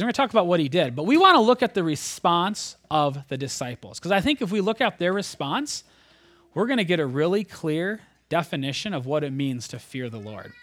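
A man preaching a sermon, retelling a scripture story in a conversational, animated way, sometimes dropping almost to a whisper. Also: high-pitched, dry recording, studio quality.

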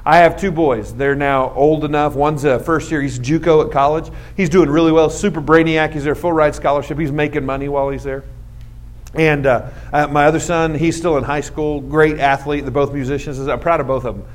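A man in his forties gives a storytelling sermon to young listeners. His voice sits a little high for a man, and he acts out each scene with comic self-mockery. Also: fairly even intonation, a little fast. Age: 40s. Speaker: youth speaker.

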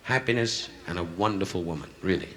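Captured in a noisy 1960s club recording, a male comic with a low-pitched voice talks a little fast. He brashly needles people in the crowd as laughter rises around him.

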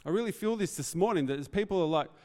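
An earnest man preaches, his voice sitting a little high for a man. He talks in a reflective, heartfelt way and speaks off the cuff. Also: animated, fast talker, a little mellow, big-room sound. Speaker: pastor. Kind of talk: sermon.

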